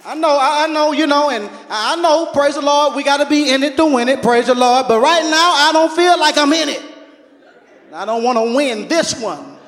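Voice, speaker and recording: Male pastor, very high voice, preaching in a reverberant church hall. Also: animated, normal speed. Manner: preaching with shouts and laughter, calling out to the congregation. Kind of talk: sermon. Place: church sanctuary. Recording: echoey hall.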